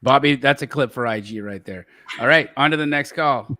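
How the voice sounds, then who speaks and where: A man's voice: medium pitch, brisk, bright, forceful tone. A man hosting a real-estate masterclass, joking with the caller and hyping the audience. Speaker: host. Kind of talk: teaching session banter.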